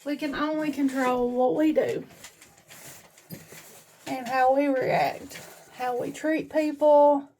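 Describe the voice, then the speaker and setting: A woman talks to her viewers in a relaxed vlog. Her voice sits high and her pace is slow and unhurried. She gives a homespun, faith-based pep talk. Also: a little hiss or hum. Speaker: vlogger. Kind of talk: casual encouraging vlog talk.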